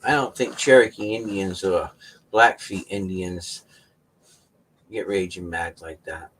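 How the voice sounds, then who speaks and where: A man's voice: sits low, fairly even intonation, a little slow, fairly bright tone, slight background noise. A middle-aged man hosting his own channel, telling a story in a folksy, casual way and laughing often. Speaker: channel host.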